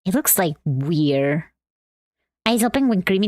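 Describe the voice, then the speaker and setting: A woman's voice: on the low side, expressive, measured pace, darkish tone, dry recording, clean studio sound. A woman from Argentina streaming live while drawing, chatting in a bubbly way and greeting her chat.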